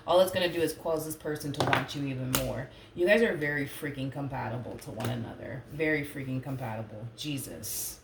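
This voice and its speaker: A woman with a very deep voice gives a casual tarot reading, talking a little fast with few pauses. She's chatty and heavy on fillers, saying she doesn't like getting emotional. The sound is reverberant, with background noise.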